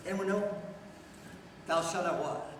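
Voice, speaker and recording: In a very echoey lecture hall, a middle-aged speaker with a high, fairly bright voice talks at a measured pace, telling stories bluntly with jokes and questions for the crowd. He stands far from the mic, and there's slight background noise.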